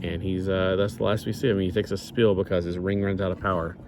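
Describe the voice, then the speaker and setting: A man with a fairly low voice talks through a comic review in a loose, rambling way. He wanders off topic and catches himself. Faint wind noise drifts behind him outdoors. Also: level tone, quick pace. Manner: meandering, loses his place and corrects himself. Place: outdoors near the beach.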